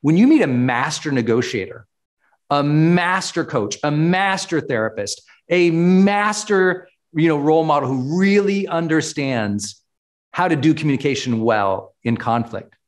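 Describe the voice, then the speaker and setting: A middle-aged man giving a motivational talk as a personal development coach, stressing key words by slowing down. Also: fairly high pitch.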